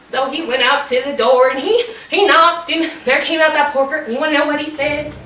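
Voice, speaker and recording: A woman storyteller telling a tale in character, playful and animated, teasing her audience, recorded from afar in an echoey room. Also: high-pitched, fairly quick. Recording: echoey room, distant mic, faint noise.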